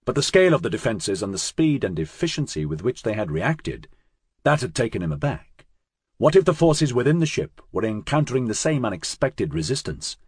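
Husky man narrating an audiobook dramatically. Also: medium pitch, no room sound, studio quality. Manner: measured, dramatic.

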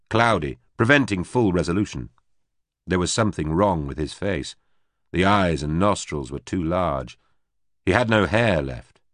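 A man narrating a science fiction audiobook in a steady, measured reading. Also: low-pitched, no echo, studio quality. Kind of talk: scripted narration.

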